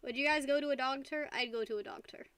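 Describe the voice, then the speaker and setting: A woman's voice: sits high, fast talker, fairly bright tone, no echo. A young woman streaming casually, tipsy from wine, rambling and giggling while talking to her dog. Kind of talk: casual live-stream chat.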